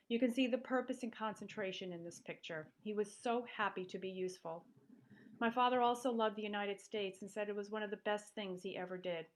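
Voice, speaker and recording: A woman reading a memorial remembrance of her late father in a steady, storytelling way. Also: medium pitch. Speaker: daughter giving a remembrance. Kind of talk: read memorial tribute.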